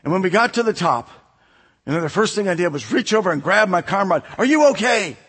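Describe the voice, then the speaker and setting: Male preacher, high husky voice, storytelling sermon, church hall reverb. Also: fast talker. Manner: storytelling, animated, laughs often.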